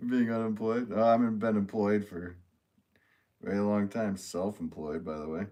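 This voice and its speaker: Brief: man with a lowish voice, a potter joking around with his live chat from the studio. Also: fairly even intonation, moderate pace, mellow. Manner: playful, joking, answers chat. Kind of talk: casual livestream chat.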